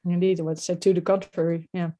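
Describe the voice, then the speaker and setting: A woman's voice: fairly low pitch, flat delivery, fast, dark tone. A middle-aged woman with a Dutch accent, speaking as a podcast guest in a reflective, hesitant way with many fillers. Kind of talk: podcast interview.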